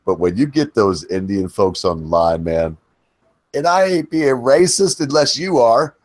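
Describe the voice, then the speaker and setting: A man's voice: medium pitch, animated, a little slow, darkish tone, dry recording. A middle-aged man hosting a chat show, asking meandering questions and drifting into rants. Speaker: host. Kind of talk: casual chat.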